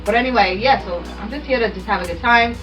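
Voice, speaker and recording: Fast, bright-voiced woman guest. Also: a little high, recorded from a distance, faint music behind. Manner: playful, quick back-and-forth, laughs. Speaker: guest co-host. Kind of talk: casual podcast chat. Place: studio room with a small audience.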